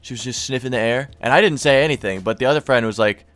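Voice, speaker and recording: A man's voice: medium pitch, fast, fairly bright tone, no room sound. A young man telling a storytime in a loose, casual way, with plenty of swearing and stoner slang. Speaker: vlogger.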